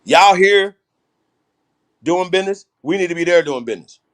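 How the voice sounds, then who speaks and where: A man's voice: high voice, expressive, normal speed. A man hosting a livestream, talking bluntly and emphatically, with a lot of swearing. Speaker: host. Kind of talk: livestream political talk.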